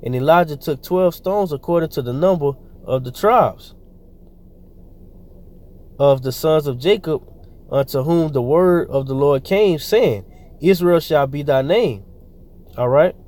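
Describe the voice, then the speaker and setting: Higher-pitched man preaching loosely. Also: measured pace, pauses often, darkish tone. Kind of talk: informal scripture teaching.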